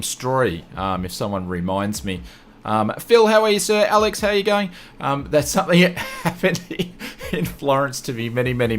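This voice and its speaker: A man's voice: medium pitch, a little hiss or hum. An Australian man hosting a casual livestream, upbeat and greeting chat viewers one by one with repeated welcomes. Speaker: livestream host.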